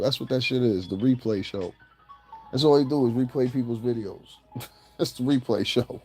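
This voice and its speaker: Male gossip vlogger with a mellow voice, mocking and ranting, laughs at his own jokes. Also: mid-range voice, moderate pace, pauses often, soft background music. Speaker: celebrity gossip commentator. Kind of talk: profane ranting commentary.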